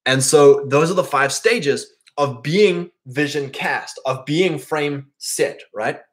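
A man's voice: a little high, slow pace. Guy rambling in a casual monologue, lots of "like" and "right?", does mocking voices for other people. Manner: acts out quoted people in mock voices.

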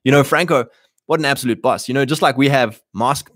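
A man's voice: mid-range voice, a little fast, fairly bright tone, no echo, clean studio sound. A man giving an opinionated monologue, emphatic and loose, with many fillers. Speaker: commentator.

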